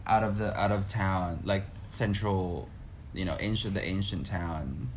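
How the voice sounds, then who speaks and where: A guest on a podcast in casual chat, animated, often restarting and repeating words. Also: low voice, a little slow, slight background noise.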